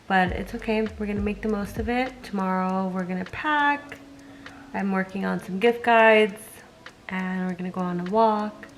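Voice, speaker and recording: A woman's voice: mid-range voice, normal speed, echoey room. A young woman chatting casually to camera as a lifestyle vlogger, easygoing and talkative. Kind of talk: casual vlog chat.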